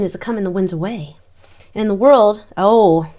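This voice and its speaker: A woman's voice: medium pitch, normal speed, dark tone. A woman giving a casual psychic tarot reading, chatty and exclamatory, talking to her cards as she turns them. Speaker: tarot reader.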